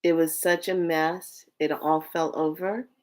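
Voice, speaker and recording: A woman's voice: low voice, flat delivery, measured pace, darkish tone. A woman vlogger telling a personal story in a candid, emotional way, swearing freely.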